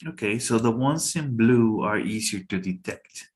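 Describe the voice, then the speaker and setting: Male teacher, low-ish pitch, casual halting classroom delivery. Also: animated. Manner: halting, checks in with students often. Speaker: English teacher.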